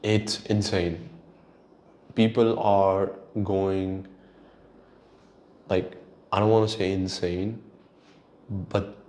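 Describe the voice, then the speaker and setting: A man's voice: fairly low pitch, a little mellow. A man hosting his own solo show, ranting in an exasperated, profane way. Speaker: podcast host. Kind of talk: solo rant.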